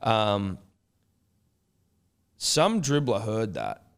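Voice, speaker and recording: A man with a smooth, resonant and fairly low voice, chatting on a podcast. He tells stories loosely and with energy, swearing freely as he goes. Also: extremely slow. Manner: animated storyteller, sweary and loose. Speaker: podcast co-host. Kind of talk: casual chat, anecdote telling.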